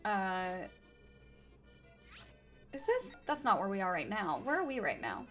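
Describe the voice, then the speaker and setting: A woman's voice: medium pitch, very animated, a little slow, a bit bright, faint music behind. A woman streaming a game, chatting casually with her viewers and thinking aloud, nursing a slightly sore throat. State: sore throat, sipping tea. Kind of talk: casual game livestream chat.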